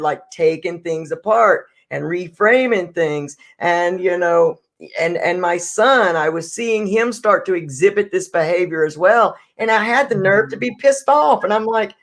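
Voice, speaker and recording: A man's voice: sits high, a little slow, fairly bright tone. A man hosting a podcast, talking reflectively and telling a personal story. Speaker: podcast host. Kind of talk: casual podcast chat.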